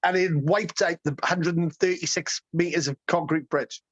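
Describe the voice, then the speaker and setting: High-voiced, excitable storytelling man. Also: moderate pace, no room sound, lo-fi sound. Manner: excitable, profane, rambling with restarts. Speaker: guest storyteller. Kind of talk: casual road-trip storytelling.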